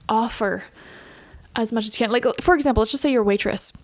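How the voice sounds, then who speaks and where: A young woman giving a casual pick-a-card tarot reading, chatty and animated, laughing often. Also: a little high, a little fast. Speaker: tarot reader.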